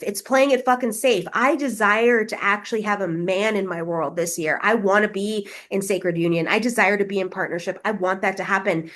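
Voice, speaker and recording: A woman's voice: mid-range voice, fairly bright tone. A woman hosting a solo spiritual podcast, talking in an intense, blunt way with a lot of swearing. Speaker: podcast host.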